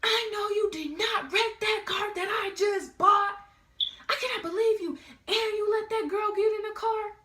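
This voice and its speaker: A teenage girl voicing her furious, cursing mother, pitched high and loud, in a roomy echoing room. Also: fairly quick, lightly acted. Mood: outraged. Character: furious scolding mother, middle-aged, fiery. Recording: roomy echo.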